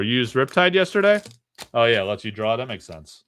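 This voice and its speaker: A man's voice: medium pitch, big pitch swings, a little fast, a bit bright, clear, resonant tone. A man hosting a live card break stream, chatting casually and rambling, with frequent laughs between remarks.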